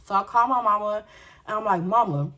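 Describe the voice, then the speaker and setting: A young woman telling viewers a story in an animated, profane way and speaking straight to them. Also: medium pitch, a little fast. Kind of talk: storytime vlog.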